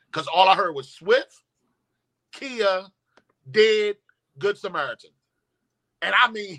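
Man, guest telling a story, emphatic and profane, forceful bright tone. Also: a little high. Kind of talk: storytelling in casual conversation.

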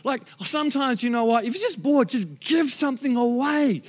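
A man's voice: extremely high pitch, lively intonation, normal speed. A man preaching a sermon as pastor, telling stories in a casual, conversational way and acting out his own prayers.

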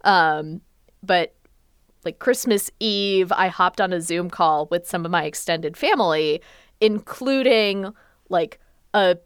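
A young woman with a smooth, clear voice co-hosts a casual podcast. Her sound is close and dry, with no room around it. She tells her stories in a wry, animated way. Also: fairly low pitch, dry recording. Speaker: podcast co-host. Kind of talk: casual chat.

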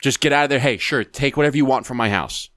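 A man co-hosting a podcast in casual chat, talking in a blunt, animated, profane way. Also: mid-range voice, fast, dry recording, clean studio sound. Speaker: podcast co-host.

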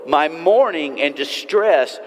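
A man preaching a sermon in an earnest way, slowing and softening some phrases and pushing others for emphasis. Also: fairly high pitch, expressive, long reverb tail. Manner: earnest, varies pace and loudness for emphasis. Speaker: pastor.

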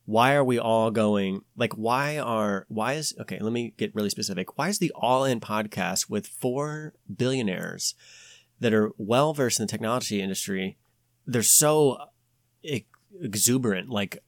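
A man hosting a podcast, talking in a rambling, animated way with many restarts. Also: on the low side, moderate pace, dry recording, studio quality. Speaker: podcast host. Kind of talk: casual podcast chat.

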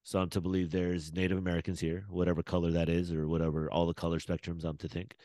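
A man's voice: sits low, quick pace, no echo. A man, rambling and laughing in a casual podcast chat. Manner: rambling, animated, laughs often. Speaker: podcast host.

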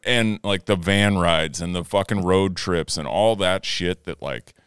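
A middle-aged man hosting a podcast, relaxed and reflective, with casual swearing. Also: low-pitched, measured pace, clear, resonant tone, no echo, clean studio sound. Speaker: podcast host. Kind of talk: casual chat.

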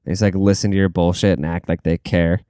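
A man's voice: deep voice, flat delivery, quick pace, dark tone, clean tone, no echo, clean studio sound. A young man hosting a podcast, rambling and swearing through casual stories, laughing at himself and saying he is tired. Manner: rambling, profane, laughs at his own stories. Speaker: podcast host.

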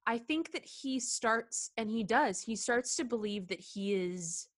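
A woman with a fairly high, animated voice co-hosts a podcast, taking her time as she works through a film scene. She's earnest and heartfelt but hesitant, with many ums and restarts, and she laughs often.

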